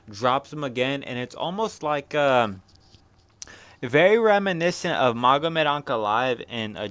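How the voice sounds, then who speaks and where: A man's voice: lowish voice, fairly bright tone, dry recording. A young man hosting a casual fight recap, rambling along in slang and constant swearing.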